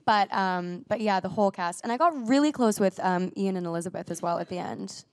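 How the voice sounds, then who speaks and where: A woman's voice: medium pitch, no room sound. A young woman actress chatting in an interview, bubbly and full of "like" and restarts, still coughing from a recent illness. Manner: bubbly, heavy use of "like", quick restarts. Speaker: actress guest. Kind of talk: casual interview chat.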